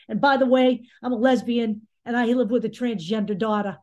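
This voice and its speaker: A woman's voice: a little high, normal speed, few pauses, a little mellow. A woman hosting a political commentary show, talking angrily, bluntly and sarcastically, with some swearing. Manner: angry, sarcastic, blunt and profane. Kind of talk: opinion commentary monologue.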